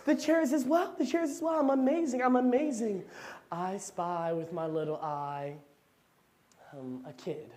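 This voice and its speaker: A man's voice: high-pitched, measured pace, a little mellow. An actor playing George, an anxious autistic boy who stammers and repeats words in a stage monologue. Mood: playful.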